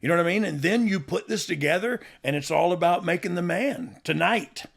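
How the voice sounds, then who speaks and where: A man's voice: sits high, a little fast, creaky, breathy edge. A middle-aged man hosting a podcast, chatting casually in a rambling way with frequent laughs and restarts. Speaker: podcast host, former wrestler. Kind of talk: casual chat.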